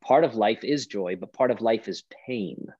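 Emphatic low-voiced male pastor. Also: normal speed, breathy edge, no echo, dull audio. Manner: emphatic, preacherly, rhetorical questions. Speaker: pastor and podcast guest. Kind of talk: podcast conversation.

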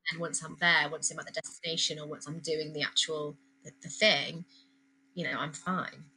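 Young woman, supportive casual chat, bright voice, lowish pitch. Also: little pitch movement, moderate pace, slight background noise, low-quality recording. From Nottingham area, England.

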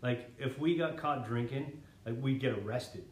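A man's voice: medium pitch, normal speed. A young man telling a long rambling story in casual chat, swearing often. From Canada. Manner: rambling, swears a lot, laughs through the story. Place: living room. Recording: echoey room.

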